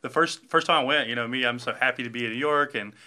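A man's voice: medium pitch, quick pace, a crowd in the background. A man with a Southern accent, chatting casually and telling stories with energy. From Birmingham, Alabama. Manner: animated storyteller. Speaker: bartender, bar owner. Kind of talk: casual chat.

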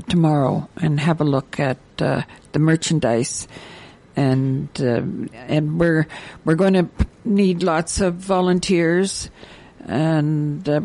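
An older woman, hosting a community radio show, reading announcements in a halting way with many fillers. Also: deep voice, vocal fry, darkish tone. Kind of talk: casual radio chat and announcements.

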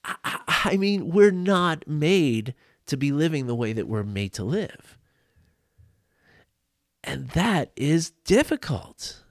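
A man's voice: a little high, very animated, slow pace, dry recording, clean studio sound. A man hosting a podcast from his desk, talking earnestly and informally, often restarting and repeating words as he goes. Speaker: podcast host. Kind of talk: casual solo talk on men's mental health. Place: home desk.

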